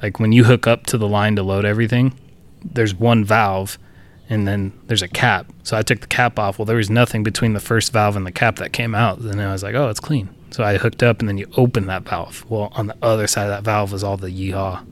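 A man's voice: lowish voice, steady tone, fairly quick, a little hiss or hum. A man co-hosting a podcast, telling a workplace story in a loose, profane, chuckling way. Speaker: podcast co-host. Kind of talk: casual storytelling chat.

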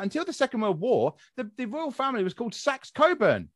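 A man's voice: extremely high pitch, wildly swooping pitch, fast, a bit bright, no echo, studio quality. A young man hosting a casual podcast chat, ranting and swearing freely as he talks. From England. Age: young adult. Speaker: podcast host.

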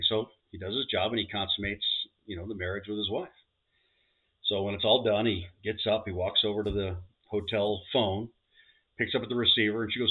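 A man tells dirty jokes with plenty of bounce, slipping into voices for each character. His voice sits a little low. The sound is thin and tinny, like a phone line. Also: fairly quick. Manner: animated joke teller doing character voices. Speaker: podcast co-host. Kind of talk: casual joke telling.

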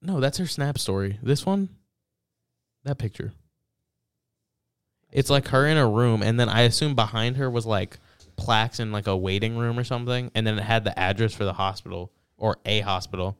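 A young man co-hosting a casual podcast, retelling a story and reading out text messages with halting restarts. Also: on the low side, clear, resonant tone, no echo, clean studio sound. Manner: reads out texts, retells events with halting restarts. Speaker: podcast co-host. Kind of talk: casual chat.

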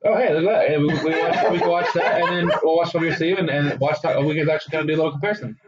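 A man co-hosting a casual movie podcast, chatty and rambling, quick to laugh. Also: on the high side, fairly even intonation, dull audio, very noisy. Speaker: podcast co-host.

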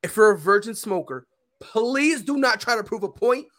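Animated young man telling a story. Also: normal speed. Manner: animated, swings from low mumbles to loud shouts. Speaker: podcast host. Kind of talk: casual storytelling chat.

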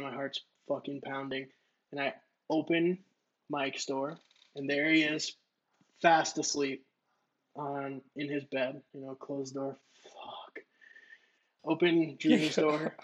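A podcast co-host tells a story in a loose, rambling way, swearing and leaning heavily on filler words. His voice is medium-pitched and fairly bright, and the audio is lo-fi.

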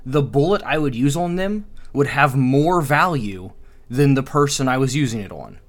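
A young adult man in casual chat, retelling a book scene with many ums and uhs and quick acted-out lines. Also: mid-range voice, lively intonation. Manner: rambling retelling with many fillers, acting out dialogue.

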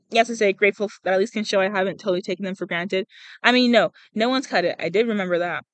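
A woman's voice: mid-range voice, fast, fairly bright tone, dry recording, rough recording. A young woman hosting a casual podcast, reading a book aloud and chatting, often tripping over words and laughing, on a cheap small mic outdoors. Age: young adult. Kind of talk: casual read-aloud with chat. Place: outdoors in a public spot. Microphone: cheap small microphone.

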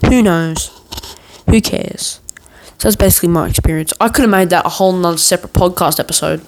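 A man's voice: sits high, fairly quick, poor audio. A man hosting a podcast, telling a long story in a meandering, joking way full of swearing and restarts. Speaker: podcast host. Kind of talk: rambling casual storytelling.

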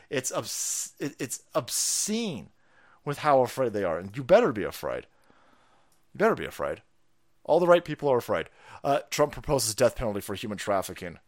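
Foul-mouthed, sarcastic male stream host. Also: medium pitch. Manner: foul-mouthed, sarcastic, laughing, swings into loud mocking outbursts. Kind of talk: profane political commentary stream.

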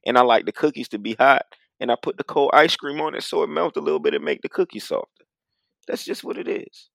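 A man co-hosting a podcast in casual chat, laid-back and quick to laugh. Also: a little high, gravelly, a bit bright, no room sound, clean studio sound. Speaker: podcast co-host.

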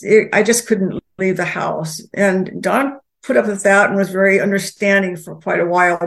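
Older woman with a gravelly voice. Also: on the low side. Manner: halting, with many pauses and restarts. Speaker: guest. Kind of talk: personal storytelling.

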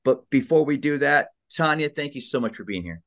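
A man's voice: fairly high pitch, expressive, fairly quick, gravelly, a bit bright. Upbeat man hosting a show. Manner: upbeat, enthusiastic, jokey. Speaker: radio show host. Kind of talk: energetic podcast interview.

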